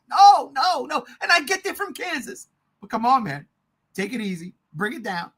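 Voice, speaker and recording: A man co-hosting a podcast, chatting casually and excitedly about movies, swearing often and getting loud. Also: high-pitched, moderate pace, husky. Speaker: podcast co-host.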